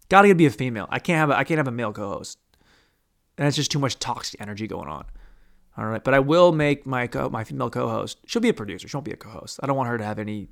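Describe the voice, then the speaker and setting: A man's voice: a little high, animated, brisk, a bit bright. A man hosting a casual podcast on his own, rambling crudely and mocking himself as he talks. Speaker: podcast host. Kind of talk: casual solo podcast monologue.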